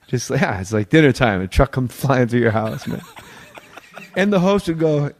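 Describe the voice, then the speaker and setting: A man in a casual podcast chat, telling animated, swearing anecdotes about his days as a sketch comedy writer and acting out the quotes. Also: high-pitched, fairly quick.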